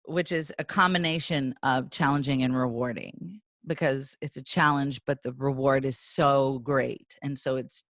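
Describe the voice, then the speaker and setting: Animated, self-deprecating woman guest. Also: rumbling low, normal speed, hardly any pauses, no room sound, studio quality. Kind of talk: casual interview chat.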